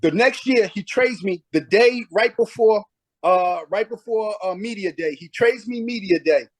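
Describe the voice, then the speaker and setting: A middle-aged man with a notably high voice tells stories from his playing days in a casual interview. He is emphatic and acts out what people said to him. The sound is dry and close. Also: unhurried, no echo. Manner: emphatic, acts out past conversations. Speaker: guest, former pro basketball player.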